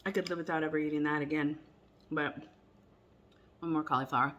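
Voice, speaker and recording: A woman's voice: deep voice, fairly even intonation, fairly quick, fairly bright tone, dull audio. A woman vlogging a casual taste test at home, chatty and rambling, sometimes talking while she chews. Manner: chatty and rambling, many fillers and restarts; talks while chewing food at times. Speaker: cooking vlogger.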